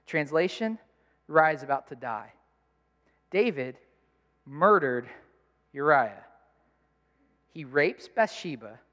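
A pastor preaching a sermon with emphatic delivery that builds to loud intensity, in a church sanctuary. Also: male voice, a little high, expressive, takes it slowly, long pauses. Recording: long reverb in a large hall.

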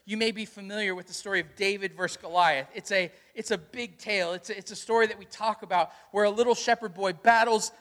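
A man's voice: high-pitched, fast talker, few pauses. A man preaching a sermon as a pastor, telling stories and asking the congregation questions. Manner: storytelling, animated, asks the congregation questions. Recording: long hall reverb.

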